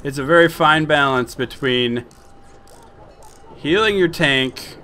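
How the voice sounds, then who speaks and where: A young man giving casual, profane, joking commentary over his video game play, flipping between excited shouts and laid-back chatter. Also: fairly high pitch, slow. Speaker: gameplay commentator.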